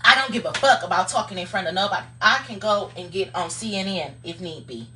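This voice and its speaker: A woman's voice: medium pitch, a little fast, pushed and bright, distant mic, slight background noise. Blunt, profane woman preaching from afar. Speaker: live streamer. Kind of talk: casual motivational monologue.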